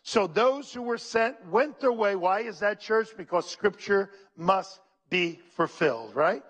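A pastor's voice, high and slightly rough, unfolds at an unhurried pace as he preaches. He reads scripture aloud and calls out to the congregation with animated, preacherly energy.

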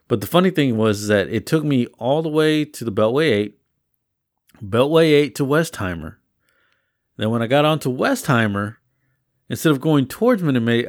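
A man, co-hosting a podcast, retelling his rideshare trips in a rambling, animated way with frequent exclamations. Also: medium pitch. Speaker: podcast co-host. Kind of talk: casual storytelling chat.

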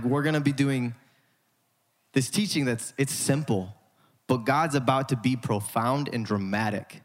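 A male pastor preaching a sermon in an emphatic style with dramatic pauses, in a church sanctuary. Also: mid-range voice. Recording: hall reverb.

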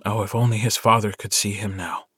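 A man narrating a short story audiobook in a measured, intimate storytelling manner. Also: on the low side, little pitch movement, fairly bright tone, slightly rough, dry recording, clean studio sound. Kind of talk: scripted narration.

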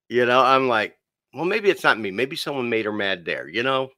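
Animated man telling stories, bright tone. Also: medium pitch, moderate pace, dry recording. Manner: animated storyteller acting out dialogue; addresses listener as "dude". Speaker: podcast guest. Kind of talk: casual podcast storytelling.

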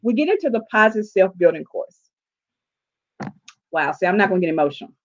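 A woman's voice: mid-range voice, brisk, dull audio. A woman, a life coach telling her story in an interview and acting out her own dialogue. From southern United States. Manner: animated, acts out her own dialogue in quotes.

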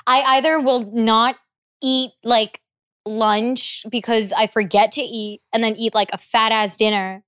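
Young woman guest on a podcast, kinda high voice, lots of swearing, laughing, super animated. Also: unhurried, smooth, dry recording, studio quality. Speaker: guest musician. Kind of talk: casual podcast chat.

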